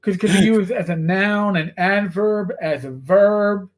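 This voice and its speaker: Ex-cop guy on a podcast telling stories, swears a lot, animated. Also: sits high, a little slow. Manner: profane, animated storyteller. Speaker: podcast guest, former police officer. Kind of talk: casual chat, storytelling.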